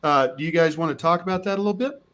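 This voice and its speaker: A man's voice: on the high side, rapid-fire, a bit bright. A man hosting a casual tech show, asking questions eagerly. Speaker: show host.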